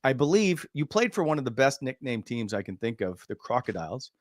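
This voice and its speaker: A man's voice: mid-range voice, very animated, brisk, no echo, studio quality. A man hosting a casual sports interview, jokey and stumbling through his questions. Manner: jokey, stumbling, lots of restarts. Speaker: host.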